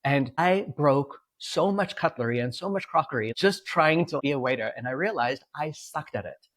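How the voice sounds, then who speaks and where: Animated male podcast coach telling stories. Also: on the high side, moderate pace, no echo. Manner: animated storyteller, acts out dialogue with a lifted voice. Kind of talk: casual podcast conversation.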